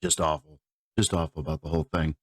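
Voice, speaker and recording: A man's voice: rumbling low, level tone, fast, husky, no room sound. A man making a comedic apology as a guest, rambling and hesitant with lots of filler. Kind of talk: comedic sketch chat.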